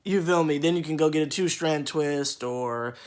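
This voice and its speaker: A man's voice: a little high, moderate pace. A young man vlogging casually to camera, rambling with many restarts and mock-quoting other people. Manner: rambling, with repeated restarts and mocking quoted voices.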